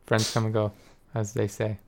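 A man's voice: lowish voice, monotone, moderate pace, a little mellow. A man hosting a casual chat, rambling and hesitant, full of fillers.

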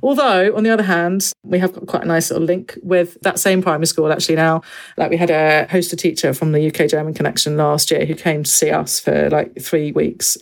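Lively woman telling teaching stories. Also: low voice, creaky. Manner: animated storyteller, acts out quoted voices. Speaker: secondary school French teacher and parent. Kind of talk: casual podcast conversation. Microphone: video call.

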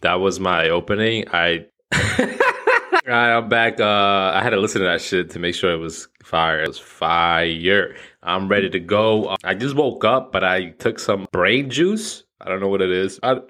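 A man's voice: low-pitched, very animated, a little slow, sharp tone. A man around thirty hosting his own podcast, talking casually and rambling, swearing freely and poking fun at himself. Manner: rambling, profane, self-mocking, laughs at himself. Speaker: podcast host. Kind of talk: casual solo podcast monologue.

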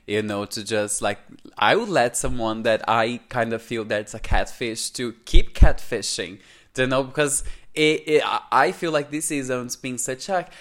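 A man co-hosting a podcast in casual chat, gushing and excitable, tripping over his words. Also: mid-range voice, measured pace. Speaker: podcast co-host.

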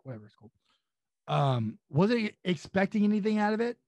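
A man's voice: sits high, sing-song, quick pace, a little mellow, no room sound. A man from California on a podcast, telling rambling, profane anecdotes in a casual chat. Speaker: wrestling guest.

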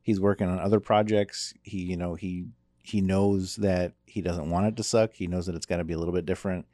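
A man co-hosting a casual movie podcast, relaxed and joking. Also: sits low, fairly quick, dry recording, studio quality. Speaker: podcast co-host. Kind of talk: casual chat.

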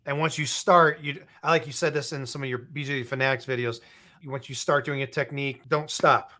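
A man's voice: mid-range voice, fairly even intonation, fairly quick, pushed and bright. A man hosting a podcast, chatting casually and agreeing along with his guest. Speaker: podcast host. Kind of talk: casual interview.

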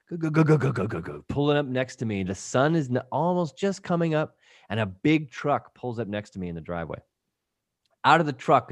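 A man on a podcast as a guest, telling a lively, casual anecdote full of swearing and acted-out voices. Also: medium pitch, no room sound, studio quality. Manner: lively anecdote telling, acting out quoted people; frequent swearing. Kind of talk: casual storytelling.

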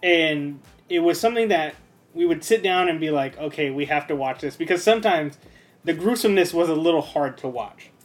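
A man's voice: a little high, animated, fairly quick, faint music behind. A man co-hosting an anime podcast in casual chat, easygoing and rambling, with slangy asides. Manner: easygoing, rambling, slangy, says "you know what I mean". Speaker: podcast co-host.

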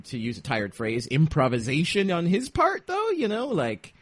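A man hosting a podcast, chatting casually with a guest and quick to laugh. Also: a little high, big pitch swings, husky, no room sound. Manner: laughs easily, short reactions. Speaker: podcast host. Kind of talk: casual interview chat.

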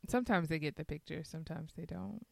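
A woman's voice: low voice, fast talker, vocal fry, no echo. A woman co-hosting a podcast, dropping dry, wry quips in casual chat.

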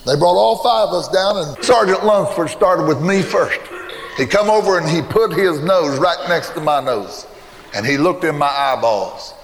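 An older man preaching a sermon, telling a folksy story from his own past with emphatic repeated refrains. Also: high voice. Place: church. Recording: long reverb in a church hall.

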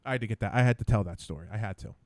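A man hosting a podcast who tells a story in a combative, animated way. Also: fairly low pitch, rapid-fire, dry recording. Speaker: podcast host. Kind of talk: storytelling monologue.

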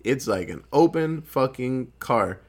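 A man casually recapping a horror film as a podcast host, animated and profane, often laughing. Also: mid-range voice, unhurried.

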